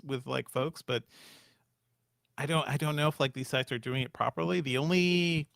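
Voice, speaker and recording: Gravelly-voiced podcast dude, emphatic, says things twice, dry mic. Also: male voice, medium pitch, a bit bright, dry recording. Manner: emphatic, repeats warnings. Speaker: podcast co-host. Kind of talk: casual podcast chat.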